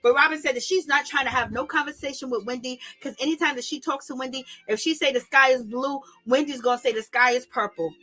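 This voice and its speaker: A woman recapping a reality show in casual, slangy talk, animated and gossipy, laughing often. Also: high-pitched, fast, few pauses, faint music behind. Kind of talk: casual commentary.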